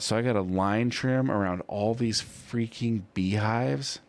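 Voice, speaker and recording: A man with a lowish voice talks casually into a studio mic, co-hosting a podcast. He tells his story in a loose, rambling way, piling on "you know" and reenacting what he said. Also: normal speed, hardly any pauses, darkish tone, a little hiss or hum. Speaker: podcast co-host.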